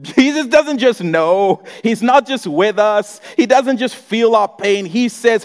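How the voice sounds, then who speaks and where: A male pastor preaches with a high, very expressive voice that swoops up and down. He takes his time, letting each phrase land slowly. His voice rings out with the long reverb of a large hall. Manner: animated preaching, speaking as Jesus in first person. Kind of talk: sermon.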